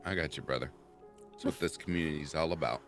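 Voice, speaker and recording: A man's voice: a bass voice, quick pace, soft background music. A man chatting as a guest on a casual live stream, rambling through stories and laughing at them. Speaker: podcast guest. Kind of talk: casual chat.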